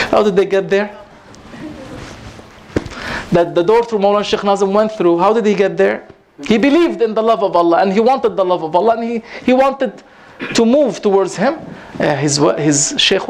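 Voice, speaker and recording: A man giving an informal religious talk to a gathering, rising in pitch for emphasis and mixing in Arabic phrases. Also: moderate pace, gravelly, a little hiss or hum. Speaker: Sufi teacher giving a talk. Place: prayer hall at a community gathering.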